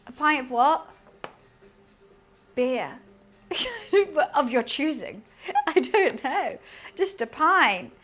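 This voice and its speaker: A woman's voice: high voice, expressive, very slow, pauses often, fairly bright tone. A young woman streaming from her home kitchen, chatting casually as she cooks. She giggles often and keeps losing her train of thought. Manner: chatty, giggly, easily distracted. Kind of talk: casual live-stream cooking chat.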